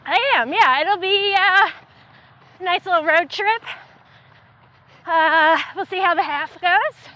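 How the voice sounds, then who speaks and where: A woman's voice: very high-pitched, slow pace, long pauses, pushed and bright. A woman co-hosting a podcast in casual chat, laughing often and talking loosely with lots of fillers. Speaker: podcast co-host.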